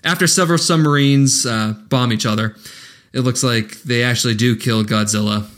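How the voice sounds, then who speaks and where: A man's voice: mid-range voice, moderate pace, fairly bright tone. A man co-hosting a podcast, recapping a movie in crude, jokey casual chat and laughing often. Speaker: podcast co-host.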